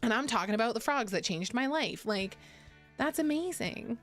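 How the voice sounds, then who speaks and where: A woman's voice: fairly high pitch, expressive, a little fast, fairly bright tone, faint music behind. Rambling, swearing young woman streamer. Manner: rambling, swearing, laughing often. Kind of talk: casual live-stream chat.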